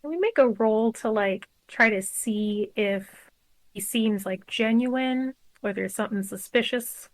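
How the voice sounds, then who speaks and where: A woman's voice: on the high side, measured pace. A woman playing a tabletop game, chatty and hedging with fillers. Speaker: player. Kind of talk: casual tabletop play.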